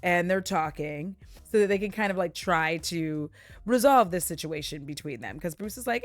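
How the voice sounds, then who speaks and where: A woman's voice: lowish voice, moderate pace, dry recording. A young woman streamer recapping a show in a giggly, chatty way, laughing often. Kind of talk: casual recap chat.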